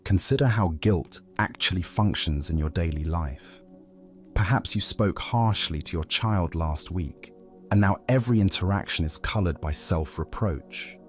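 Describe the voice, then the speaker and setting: A man narrates a calming Zen story for sleep, his voice sitting very low and deep. He reads slowly and evenly. Soft music plays faintly underneath. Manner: slow, soothing, even storytelling.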